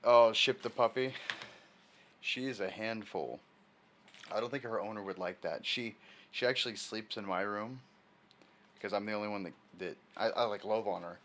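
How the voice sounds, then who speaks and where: A man's voice: on the low side, normal speed, pauses often, a bit bright, slight background noise. A man chatting casually on a live stream in a rambling way, answering viewer messages from his desk at home.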